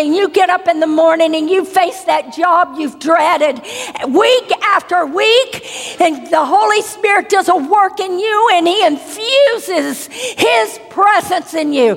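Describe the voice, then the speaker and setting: Woman preacher, high-pitched, emotive storyteller who sinks into hushed tones; sanctuary with long reverb. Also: vocal fry. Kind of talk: sermon with personal testimony.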